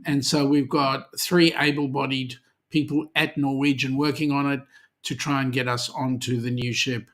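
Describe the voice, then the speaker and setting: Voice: mid-range voice, level tone, normal speed. An Australian host chatting casually on a live cruising stream, reading viewer comments aloud with plenty of ums and friendly banter.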